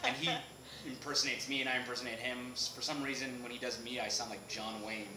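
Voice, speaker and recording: A man being interviewed as an actor on a film set, animated, laughing often and restarting sentences. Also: mid-range voice, fast talker, crowd noise. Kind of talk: casual interview chat. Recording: echoey noisy room.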